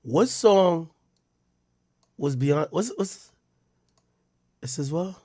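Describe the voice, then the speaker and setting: A man's voice: on the high side, lively intonation, drawn-out words, warm tone, no room sound, studio quality. A man streaming live, reading posts aloud and muttering his reactions to himself, rambling and swearing freely.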